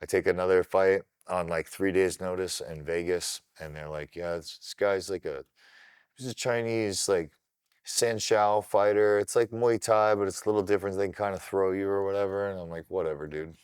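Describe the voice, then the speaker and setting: A middle-aged man from Ohio, a kickboxer guest on a podcast, telling his story in an animated, casual way and swearing freely. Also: low voice, normal speed, smooth, no room sound, studio quality.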